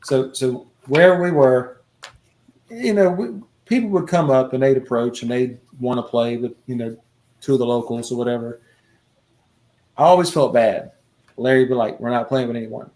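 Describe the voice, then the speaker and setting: A man's voice: medium pitch, normal speed. Guy spinning a story, easygoing mid voice, laughs a lot. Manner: animated anecdote teller, laughs often. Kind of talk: casual storytelling.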